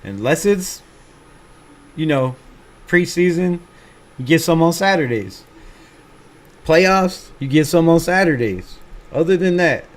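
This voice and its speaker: A man's voice: on the high side, expressive, takes it slowly, long pauses. A man hosting a fan livestream, chatting casually and reading out viewer comments in a laid-back, swearing, self-mocking way. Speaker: fan channel livestream host.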